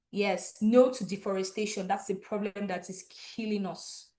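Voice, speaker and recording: A young woman from Nigeria hosting an online graduation, chatty and lively, laughing often. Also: mid-range voice, moderate pace. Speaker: event host.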